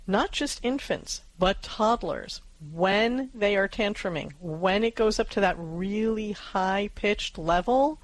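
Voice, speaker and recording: A woman co-hosting a parenting advice show, speaking calmly and reassuringly to a parent. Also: medium pitch, takes it slowly, few pauses, no echo, rough recording.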